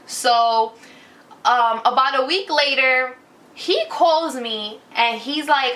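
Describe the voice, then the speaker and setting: A woman in her twenties telling a personal story in a casual vlog, animated and loud. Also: sits high, takes it slowly.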